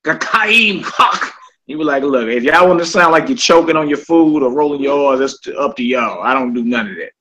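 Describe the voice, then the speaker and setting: A man's voice: medium pitch, fast talker, few pauses, low-quality recording. A man, teaching a casual live-streamed class and chatting with viewers as he goes. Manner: relaxed, chatty, talks to viewers as family.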